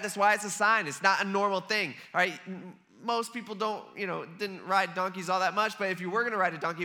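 A man with a fairly high, bright and forceful voice gives a relaxed, chatty sermon. He talks to the room as if to friends and slips into the voices of the people he quotes. His delivery is loose and animated. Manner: conversational, acts out quoted voices. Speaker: preacher. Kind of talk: casual sermon.

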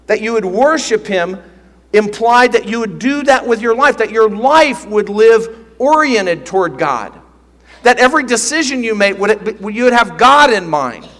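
A man's voice: sits high, fairly bright tone. A man preaching a sermon as pastor, teaching earnestly and emphatically, often repeating phrases. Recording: long reverb of a large hall.

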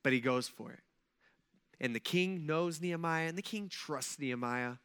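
A man's voice: fairly high pitch, normal speed, fairly bright tone, clean tone. A man preaching a sermon in a conversational style, full of asides to his listeners. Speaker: pastor. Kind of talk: casual sermon.

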